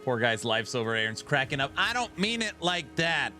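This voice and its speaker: Bright-voiced man reading comments, wry. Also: mid-range voice, sing-song, normal speed, faint music behind. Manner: reads comments in a wry, amused tone. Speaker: streamer reacting to game patch notes. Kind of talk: casual reaction stream, reading comments aloud.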